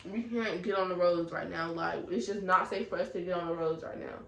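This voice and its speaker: Young woman putting on her mama, calm n firm, roomy echo. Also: fairly low pitch, a little fast, vocal fry. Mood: soothing firm. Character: calm firm mother trying to settle a friend.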